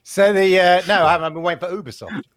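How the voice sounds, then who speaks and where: A man from the UK co-hosting a casual gaming chat, playful and quick to laugh. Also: sits high, a bit bright. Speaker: co-host.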